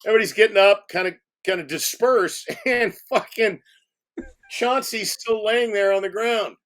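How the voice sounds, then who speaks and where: A man, a film director, telling behind-the-scenes stories as a guest, animated and laughing as he acts out quotes. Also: sits high, normal speed. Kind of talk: storytelling in a podcast interview.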